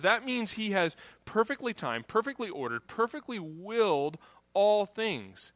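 A man's voice: high voice, sing-song, measured pace, a bit bright, no echo. A man preaching a sermon in a conversational way, acting out the voices of people he quotes. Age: adult, grew up on a farm family. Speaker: pastor.

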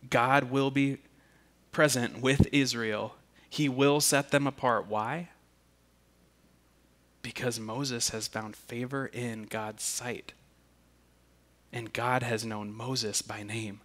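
A man preaching a sermon, deliberate and earnest, often repeating a word as he restarts. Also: mid-range voice, steady tone, fairly bright tone. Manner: slow and deliberate, with emphatic restarts. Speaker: pastor.

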